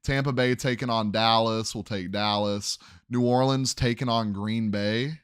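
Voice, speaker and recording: A man's voice: fairly low pitch, steady tone, measured pace, smooth, no room sound, studio quality. A young man hosting a sports podcast, casually running through game predictions and thinking aloud as he second-guesses his picks.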